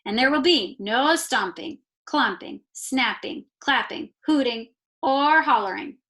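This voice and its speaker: A woman reading a picture book aloud, voicing a kindly male farmer who lays down strict rules in a slow, hushed, firm way. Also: high voice, lively intonation, voice pushed up, full character voice. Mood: announcing. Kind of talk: read-aloud storytime.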